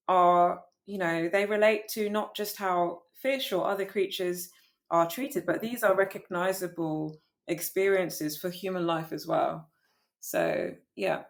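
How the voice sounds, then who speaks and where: A woman poet in casual conversation about her own poem, animated, laughing often and restarting her sentences. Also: lowish voice. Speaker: poet, guest.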